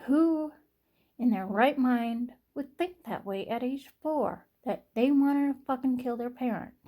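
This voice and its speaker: Halting, sighing young woman vlogger. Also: high voice, mellow. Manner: halting, repetitive, frequent sighs. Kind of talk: personal vlog monologue.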